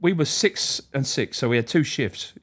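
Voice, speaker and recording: A man, a former prison officer, telling profane, animated stories as a podcast guest. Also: medium pitch, normal speed, husky. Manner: animated, profane, laughing storyteller. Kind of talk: anecdotal storytelling.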